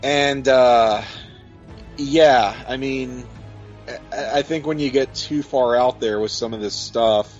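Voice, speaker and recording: A man co-hosting a casual podcast, joking at his own expense and working through ideas out loud. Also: mid-range voice, takes it slowly. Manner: self-deprecating, joking, thinks aloud with restarts. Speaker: podcast co-host. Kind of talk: casual chat. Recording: slightly dull lo-fi audio, faint music.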